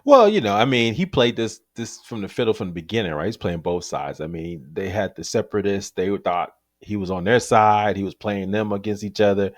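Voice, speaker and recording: A man's voice: fairly low pitch, brisk, few pauses, no room sound, studio quality. A man co-hosting a podcast, telling stories animatedly and laughing often as he chats about movies. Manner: animated storyteller, acts out quotes, laughs often. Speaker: podcast co-host. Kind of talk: casual chat about movies.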